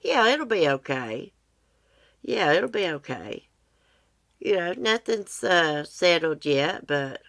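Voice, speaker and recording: A middle-aged woman hosting a casual livestream, with a notably low voice. She rambles along in a confiding way and talks straight to her chat. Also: a bit bright. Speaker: livestream host.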